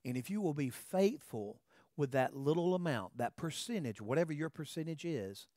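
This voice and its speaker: A man's voice: a little high, lively intonation, normal speed, warm tone, no room sound. Conversational preaching man, dry sound. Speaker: pastor. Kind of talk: sermon.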